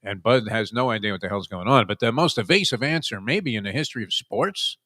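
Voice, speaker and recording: Wisecracking low-voiced sports talk host. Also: male voice, animated, fairly quick, pushed and bright, no echo, studio quality. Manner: wisecracking, rambling storyteller with frequent "uh"s.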